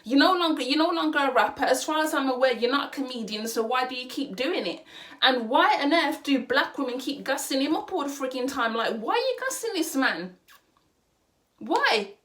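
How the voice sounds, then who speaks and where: A woman's voice: high voice, animated, moderate pace, fairly bright tone. A young adult woman talking straight to camera on her vlog, emphatic and indignant, repeating her questions for effect. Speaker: vlogger. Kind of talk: opinion vlog rant.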